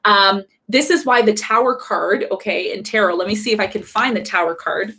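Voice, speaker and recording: A woman hosts a live astrology stream and talks fast. She stresses her points, repeats herself and keeps asking viewers questions. Her voice sits at an ordinary middle pitch. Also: bright, forceful tone. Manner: emphatic, repetitive, asks viewers questions; fast-talking. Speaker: astrology channel host. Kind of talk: live-streamed casual teaching.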